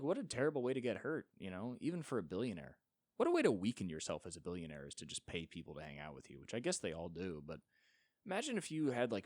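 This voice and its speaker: Low-voiced man ranting sarcastically. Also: darkish tone, no room sound, studio quality. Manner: ranting, sarcastic, profane, mocking voices in quotes. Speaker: podcast host. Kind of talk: solo podcast rant.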